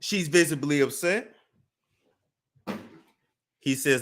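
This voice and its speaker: A man hosts a casual celebrity gossip show. His somewhat high voice swings widely in pitch as he builds the story with pauses and restarts. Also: very animated, pushed and bright.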